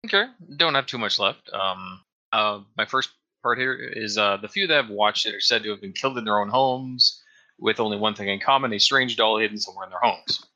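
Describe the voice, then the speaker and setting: Very bright-voiced male podcaster. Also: lowish voice, a little fast, highs cut off. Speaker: podcast co-host. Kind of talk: casual chat.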